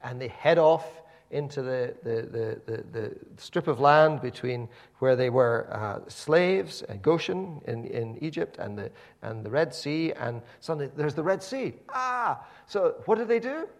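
A man's voice: medium pitch, expressive, measured pace. A man preaching a sermon, telling the story animatedly with many repeated words and restarts.

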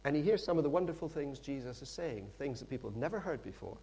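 A middle-aged man preaching a sermon in a lively, conversational storytelling manner with frequent asides. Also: mid-range voice, fast, slightly rough.

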